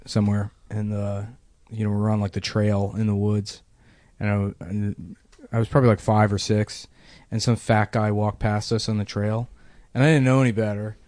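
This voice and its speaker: A man's voice: little pitch movement, normal speed, a little mellow, dry recording. Male comedian, casual podcast storyteller, rambling and profane, dry close mic. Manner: rambling, profane, trailing off into low mumbles.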